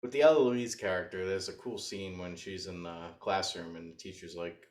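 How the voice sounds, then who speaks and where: A man's voice: deep voice, fairly even intonation, moderate pace, a little mellow, reverberant. A man co-hosting a casual movie review podcast, laid-back and laughing often, mostly giving brief replies. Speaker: podcast co-host.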